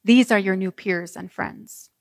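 A woman pastor preaching a sermon, telling the story vividly with dramatic pauses. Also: medium pitch. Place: church sanctuary. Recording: reverberant church hall.

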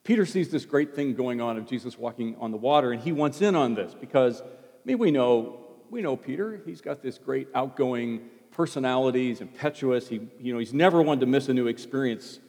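Male pastor giving a sermon, chatty preaching, goes quiet for the quotes, big echoey hall sound. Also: medium pitch, expressive, brisk. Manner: conversational preaching, drops to a hush for quoted words. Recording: long hall reverb.

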